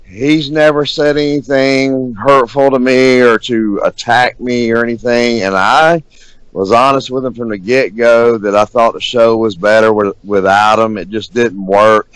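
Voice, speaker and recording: A laid-back man hosts a podcast in casual, rambling chat, hedging as he goes. His voice is smooth and resonant, recorded close and dry with no room sound. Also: medium pitch, fairly even intonation, unhurried, a bit bright, dry recording, poor audio. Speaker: podcast host.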